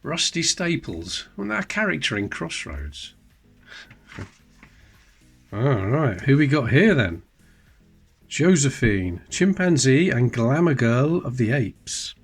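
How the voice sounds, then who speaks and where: A man's voice: mid-range voice, big pitch swings, slow pace, pauses often, slightly rough, soft background music. A man hosting his hobby channel, leafing through an old magazine in casual commentary with chatty, wry asides. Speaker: coin-collecting channel host. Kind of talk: casual show-and-tell commentary.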